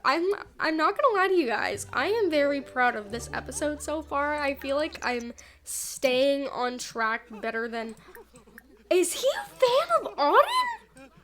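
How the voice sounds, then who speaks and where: A young woman chatting through a life-sim let's play, animated and gushing, full of "like" and "oh my gosh". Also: high-pitched, moderate pace. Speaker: gaming YouTuber. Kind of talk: excited let's play commentary.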